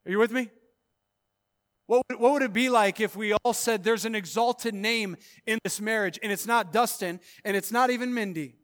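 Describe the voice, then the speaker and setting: In his sermon, a pastor whose voice sits high alternates booming, drawn-out declarations with soft, quiet passages. Now and then he launches into bursts of quick exhortation.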